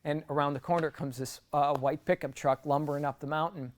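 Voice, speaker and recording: A man's voice: on the high side, fairly even intonation, a little fast. A middle-aged man giving an earnest, conversational personal testimony as a guest speaker, often restarting his sentences.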